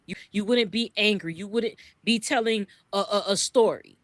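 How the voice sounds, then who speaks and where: This podcast co-host is a woman from the US East Coast with a mid-range voice and moderate pace, recorded dry. Her commentary is impassioned; she curses freely and repeats herself when worked up.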